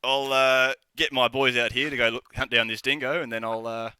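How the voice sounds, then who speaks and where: A man's voice: mid-range voice, little pitch movement, a little fast, pushed and bright, clear, resonant tone, no room sound, studio quality. A man voicing a brash, blustering middle-aged tavern owner in a tabletop game.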